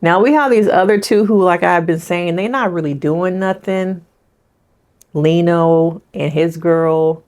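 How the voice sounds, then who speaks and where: Woman therapist hosting a casual show recap, slightly low voice, chatty and direct with her audience. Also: unhurried, a little mellow. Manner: chatty, addresses viewers directly. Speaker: licensed therapist.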